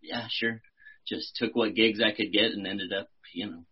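A man's voice: on the low side, steady tone, moderate pace, breathy edge, lo-fi sound. A man from Texas, an actor and musician in his thirties, chatting casually on a podcast, laid-back, swearing and laughing often. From Austin, Texas.

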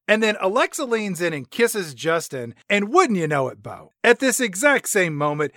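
Male co-host, slightly high voice, dry close sound, wisecracking movie recap. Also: big pitch swings, fairly bright tone, no echo. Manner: jokey, puts on quick voices for characters. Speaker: podcast co-host. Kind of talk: casual comedic movie recap.

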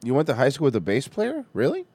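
Reacting to music videos on a casual stream from a hot-weather area, this host jokes constantly, swears a lot, and laughs often. He talks fast in a mid-range, darkish, slightly rough voice with huge pitch swings.

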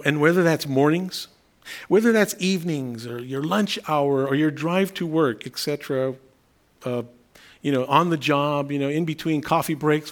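A middle-aged man giving a conversational sermon as a pastor, telling humorous everyday stories with restarts. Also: fairly high pitch.

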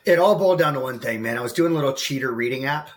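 This American man around forty talks very fast in a medium-pitched voice, with slight background noise. As a guest coach in a candid podcast interview, he earnestly and emotionally shares a personal story, calling the host bro.

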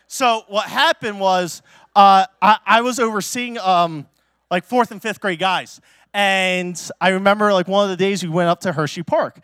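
In church, a male pastor with a notably high, fairly bright, clear, and resonant voice delivers a casual storytelling sermon. He's chatty and loose, full of fillers and restarts. The sound is dry and close, with little room echo.

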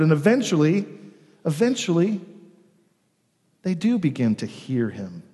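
A man's voice: fairly high pitch, dark tone. Earnest male pastor preaching in a reverberant hall. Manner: earnest preaching with dramatic pauses and emphatic swells. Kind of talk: sermon.

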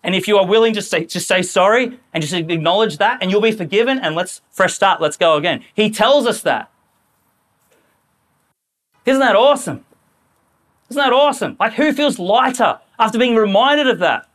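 A man preaching a sermon in a church, talking in a lively, conversational way and acting out quoted voices. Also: high-pitched, a little fast, hardly any pauses.

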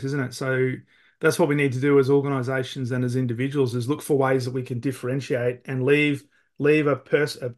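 An Australian man hosting a sales podcast, upbeat and affable as he interviews a guest. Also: mid-range voice. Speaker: podcast host.

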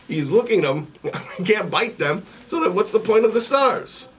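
A man's voice: sits high, big pitch swings, normal speed, a bit bright. A man giving a weekly religious lesson, asking repeated questions and telling a parable, recorded on a distant mic with faint noise. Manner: repetitive, questioning, storytelling. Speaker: religious teacher. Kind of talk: sermon with a parable.

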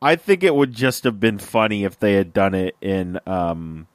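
A man's voice: lowish voice, sing-song, normal speed, clear, resonant tone. A man co-hosting a casual podcast, laughing often and making exasperated asides. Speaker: podcast co-host.

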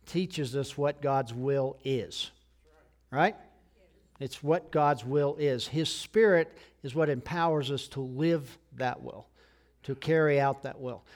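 A man's voice: a little high, a little mellow. A middle-aged man, a pastor, preaching a sermon in a conversational way, often checking in with his listeners. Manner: conversational preaching with frequent "okay?" check-ins.

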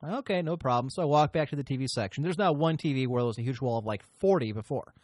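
A man's voice: mid-range voice, fast talker, darkish tone, dry recording. A man hosting a podcast, telling a long story in a rambling, profane way and often interrupting himself. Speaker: podcast host. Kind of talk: casual storytelling chat.

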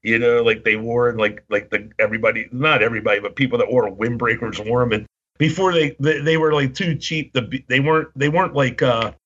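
A husky-voiced middle-aged man tells stories casually on a podcast, wandering and restarting as he goes. The recording is dull and muffled. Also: mid-range voice, brisk, fairly bright tone. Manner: rambling storyteller, many restarts and fillers. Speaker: podcast co-host. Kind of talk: casual chat. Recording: dull lo-fi audio.

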